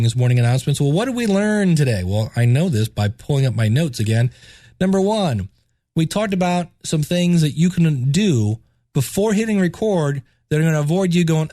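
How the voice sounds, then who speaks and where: A man hosting a casual podcast, his voice stuffed up and congested, talking with excitement and often repeating words. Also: fairly high pitch, a little fast, no echo, studio quality. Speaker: podcast host and teacher. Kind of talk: casual solo podcast talk.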